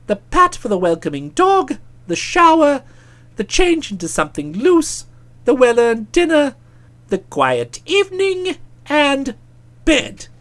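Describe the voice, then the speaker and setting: An audiobook narrator reading a comic novel in a wry, expressive way. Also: high voice.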